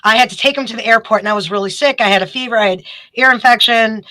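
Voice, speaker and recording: A woman, a guest telling a story in casual chat, animated and quick. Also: a little high, dry recording, low-quality recording. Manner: animated, quick storytelling with bursts of acted quotes.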